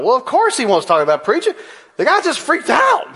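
A man's voice: very high voice, huge pitch swings, quick pace, sharp tone, slightly rough. A man in his forties preaching a sermon in a church, telling a story with playful asides. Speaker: pastor.

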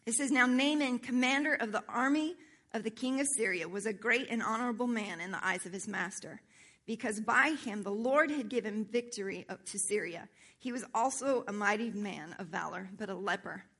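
A woman's voice: on the high side, moderate pace. A woman worship pastor preaching, reading scripture aloud and explaining it, checking in with her listeners as she goes. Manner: animated, asks the congregation for agreement.

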